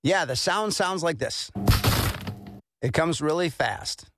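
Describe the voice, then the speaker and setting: A man hosting a morning radio show, reading daily history items and a devotional in a plain, steady way. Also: a little high, slow pace, pauses often, very noisy. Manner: reads with plain, steady delivery and fillers.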